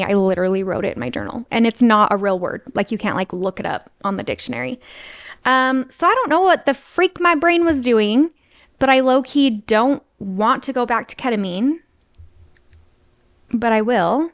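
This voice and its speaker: A woman's voice: medium pitch, normal speed, no echo. A young woman hosting a podcast, telling a personal story in a chatty way, full of fillers and little laughs. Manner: chatty, filler-heavy, with frequent laughs and intensifiers. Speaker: podcast host.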